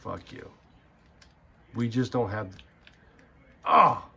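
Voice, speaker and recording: A man's voice: on the low side, unhurried, a little hiss or hum. A young man giving casual gaming commentary, ranting in a heated, profane, rambling way. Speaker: gaming channel host.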